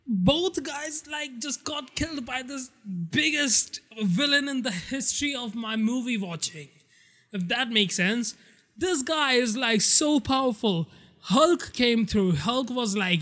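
A man hosting a casual spoiler podcast, rambling excitedly and swearing a lot as he recaps a movie. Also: very high-pitched, slow pace. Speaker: podcast host.

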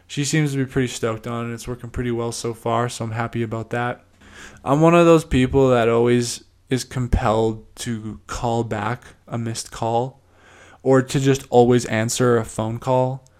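A young man hosting a podcast alone, talking casually and rambling with lots of fillers. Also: medium pitch. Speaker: podcast host. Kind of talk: casual solo monologue.

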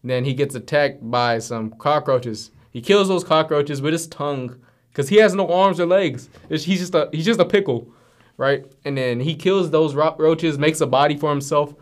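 A man's voice: on the high side, normal speed. Slangy man retelling cartoon plots. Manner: animated storyteller, heavy slang and fillers. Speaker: podcast co-host.

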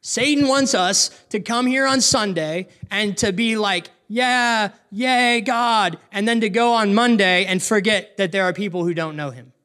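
A man preaching a sermon in an earnest way, asking rhetorical questions and slowing down to stress key points. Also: sits high, a bit bright. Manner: earnest, asks rhetorical questions, slows down for emphasis. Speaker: pastor.

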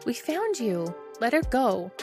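A woman voicing an excitable, indignant young princess in high, urgent bursts, over background music. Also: unhurried, heavily acted.

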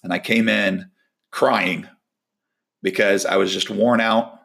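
A man with a low, gravelly voice gives a casual devotional talk as a volleyball coach. He tells a personal story, voicing the people in it as he goes. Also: steady tone, slow, fairly bright tone. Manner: storytelling, acts out quoted dialogue.

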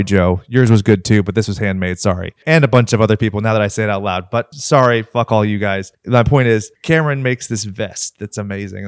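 A man's voice: lowish voice, no echo, studio quality. A young American man hosting a horror podcast in casual chat, rambling and joking about himself. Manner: rambling, joking, self-mocking. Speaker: podcast host.

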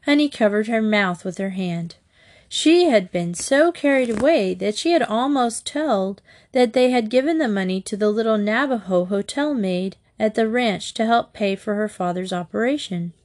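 Woman, storybook narrator, measured and clear, mid pitch. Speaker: audiobook narrator.

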